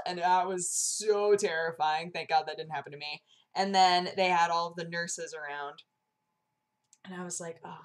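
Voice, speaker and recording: A bubbly young woman chats to her viewers in a gushing, rambling way, peppering everything with "like". Her voice sits a little low for a woman. A sore throat and a cough keep creeping into it. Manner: bubbly, gushing, heavy use of "like". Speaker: vlogger. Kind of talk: casual vlog chat.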